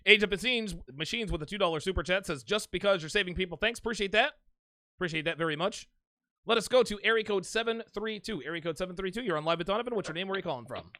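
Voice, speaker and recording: A man's voice: high-pitched, quick pace, pushed and bright, no echo. A man in his forties hosting a live call-in show, brash and swaggering, swearing freely and laughing often. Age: 40s.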